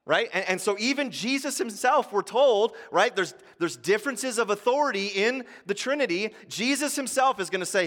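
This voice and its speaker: Male pastor, sermon, conversational then impassioned, bright tone, long hall echo. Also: animated, moderate pace, few pauses. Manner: passionate, rising to near shouts at high points; conversational, with frequent "right?" and "like".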